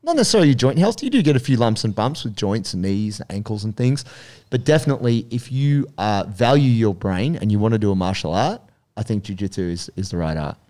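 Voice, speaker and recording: A man's voice: fairly low pitch, big pitch swings, fast talker, dark tone. A man hosting a podcast, reacting briefly and then explaining his view at length. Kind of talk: casual chat.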